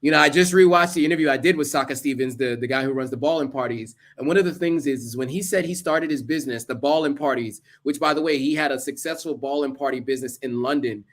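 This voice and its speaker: A man's voice: mid-range voice, fast talker, hardly any pauses. A man giving earnest, casual advice to camera, listing tips with asides along the way. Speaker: vlogger.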